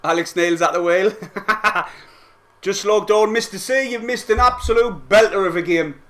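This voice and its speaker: Young lad with a high voice, streaming live football reactions and swinging between yells and quiet chat-reading. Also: male voice, normal speed. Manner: excitable, shouting and swearing at goals, then quietly reading chat.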